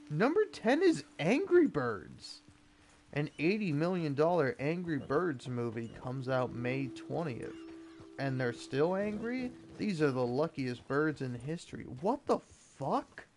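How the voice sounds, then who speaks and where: Reading through an article, this gaming video creator launches into a profane, sarcastic, exasperated rant. His voice is fairly high and a little mellow, moving slowly with big swings in pitch.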